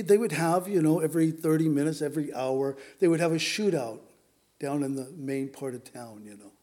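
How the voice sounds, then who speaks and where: A middle-aged pastor from Southern California preaches a sermon woven with personal stories, speaking conversationally and using many fillers. His voice is a little high with a darkish tone.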